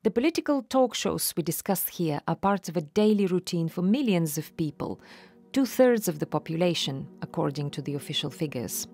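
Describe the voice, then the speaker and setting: A woman hosting a news podcast, narrating in a measured, explanatory way. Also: fairly low pitch, animated, a little mellow, faint music behind. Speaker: podcast host. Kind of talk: scripted narration.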